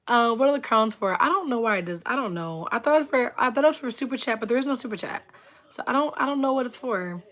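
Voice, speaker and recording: This livestream host speaks quickly in a slightly high voice, spinning rambling, "like"-filled stories. Expressive and quick to laugh, she says hello to viewers in chat as she goes.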